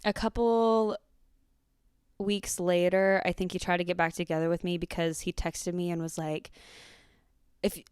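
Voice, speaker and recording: A woman, hosting a podcast and telling a profane, animated story in casual chat. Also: on the low side, unhurried, pauses often, smooth, no room sound, studio quality. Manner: animated, profane, acts out quotes. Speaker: podcast host.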